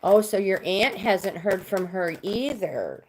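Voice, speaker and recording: A woman's voice: medium pitch, lively intonation, takes it slowly, a little hiss or hum. Middle-aged woman, chatty livestream host reading cards, casual. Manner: chatty, reads viewer comments aloud. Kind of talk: casual live chat.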